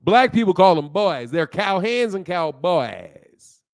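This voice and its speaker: A man's voice: sits high, very animated, slow pace. A man hosting a livestream and answering chat in a heated, lecturing way, full of loose slang, with many repeated words. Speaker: livestream host.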